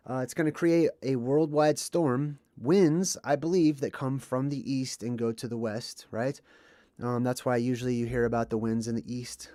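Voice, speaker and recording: A man's voice: medium pitch, darkish tone, no echo. Dry-voiced man rambling on a livestream. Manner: rambling and conversational, with frequent ums and asides. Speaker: livestream host. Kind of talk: casual livestream talk.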